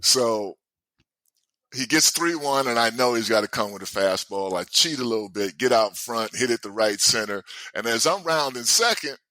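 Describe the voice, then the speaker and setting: Lively older man with a bright voice. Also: medium pitch, normal speed, no echo. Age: 60s. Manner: animated, laughs often while telling stories. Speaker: guest, former baseball player. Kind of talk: storytelling in casual chat.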